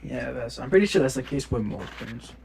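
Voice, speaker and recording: A young man co-hosting a casual podcast. He drops in short agreeing replies and tells stories in an animated way. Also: medium pitch, a little fast, vocal fry, slight background noise. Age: young adult. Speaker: podcast co-host. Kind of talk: casual chat.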